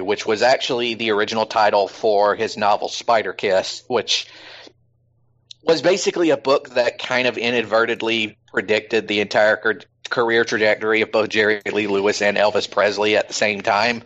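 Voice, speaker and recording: A man's voice: on the low side, normal speed, fairly bright tone, highs cut off. A man hosting a podcast in casual chat, rambling with plenty of fillers. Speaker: podcast host.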